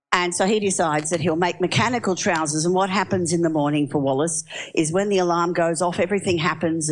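Lively woman preaching. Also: lowish voice. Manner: lively storyteller, asks the audience questions. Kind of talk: sermon with storytelling.

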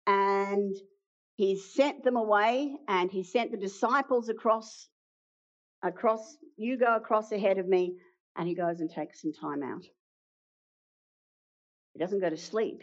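A woman preaching a sermon, retelling a story with dramatic pauses and acted-out quotes. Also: lowish voice. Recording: dull lo-fi sound.

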